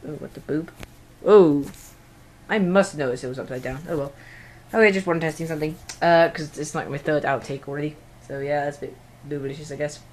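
A man's voice: a little high, a little fast, a little mellow, slight background noise. A teenage boy, rambling through a casual home vlog recorded on an iPod, giggly and self-mocking. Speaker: vlogger.

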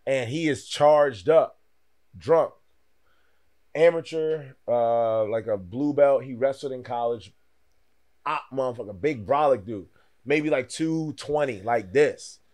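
A man in his thirties telling a story casually on a podcast, animated and acting out other people's lines. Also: medium pitch, takes it slowly. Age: 30s. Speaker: podcast host and fighter.

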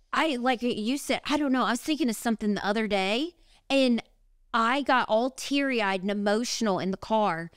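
A woman's voice: medium pitch, clear, resonant tone, no room sound, clean studio sound. A woman, co-hosting a podcast in casual, rambling chat. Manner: chatty, rambling, lots of "like". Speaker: podcast co-host.

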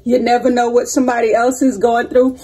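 A woman's voice: on the high side, level tone, fairly quick, mellow, breathy edge. A woman hosting a casual vlog, upbeat and uplifting, calling her viewers honey and sweetheart and cheering them on with faith-filled encouragement. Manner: sprinkles speech with endearments like honey and sweetheart. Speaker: vlog host.

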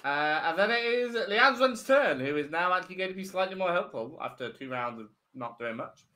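Lively, bright-voiced man game master. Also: sits high, fairly quick. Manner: relaxed, laughing, many fillers. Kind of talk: narrating a tabletop game.

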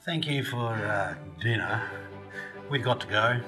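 An actor playing a brisk, polite departing guest. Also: male voice, on the low side, music in the background, lightly acted. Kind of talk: film acting.

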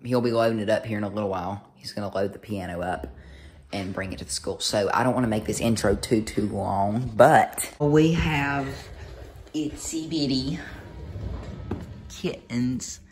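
Excitable young man vlogging. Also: lowish voice, fast talker. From United States. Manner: excitable, rambling, fillers and restarts. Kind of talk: casual vlog to camera.

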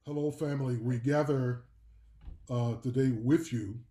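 A man opening a memorial with a measured address to the family, pausing on fillers. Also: medium pitch, fairly even intonation, mellow. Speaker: speaker at a memorial. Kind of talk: formal address. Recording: echoey room, off-mic.

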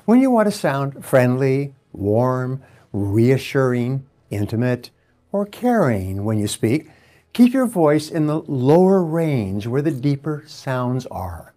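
A man giving a self-help talk as a motivational speaker, measured and explanatory, leaning on key words. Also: mid-range voice, big pitch swings, mellow.

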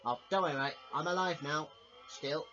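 Man doing Crash Bandicoot, cheerful and excitable. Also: on the high side, normal speed. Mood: excited. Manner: excitable, says mate a lot. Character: cheerful young male bandicoot gamer. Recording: dull lo-fi with game music.

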